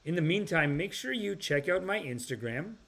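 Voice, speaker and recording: A man's voice: sits high, lively intonation, normal speed, vocal fry, a bit bright. A man hosting a podcast, reading viewer comments and rambling with sighs and restarts. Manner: rambling, sighing, slips into impressions. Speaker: podcast host.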